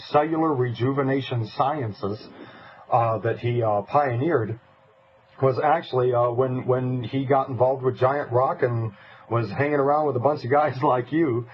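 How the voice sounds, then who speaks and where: A man co-hosting a radio show, interviewing a guest in a conversational, hesitant way with fillers. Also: medium pitch. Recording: dull lo-fi radio recording with faint hiss.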